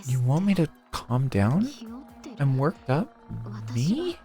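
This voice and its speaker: A man's voice: mid-range voice, wildly swooping pitch, takes it slowly, warm tone, soft background music, pitched above the performer's own voice. A man voicing a bitter young woman from a video game who wants revenge, reading her lines in a curt, scornful way.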